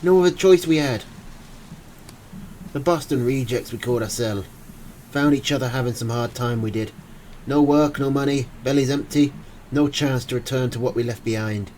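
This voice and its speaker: A man's voice: mid-range voice, normal speed, a little mellow, slight background noise, lightly acted, poor audio. A man voicing a guilt-ridden young Irish immigrant, pleading breathlessly in an Irish accent. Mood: anguished pleading. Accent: put-on Irish.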